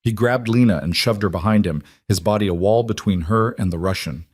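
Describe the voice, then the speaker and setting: Low guy reading a romance story, steady, dry sound. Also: brisk, slightly rough, dry recording. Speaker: narrator. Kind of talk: scripted romance story narration.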